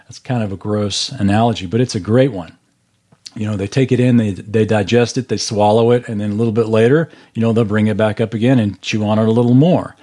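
A man's voice: on the low side, fairly even intonation, brisk, dark tone. A man leading a Bible study class over a video call, explaining scripture verse by verse in an earnest way.

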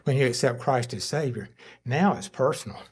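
A man with a somewhat husky voice preaches in a relaxed, conversational way. He pauses often with fillers and lifts his voice to act out quoted lines within the sermon. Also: medium pitch. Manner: conversational preaching with frequent fillers, voicing God and Abram in quotes. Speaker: pastor.

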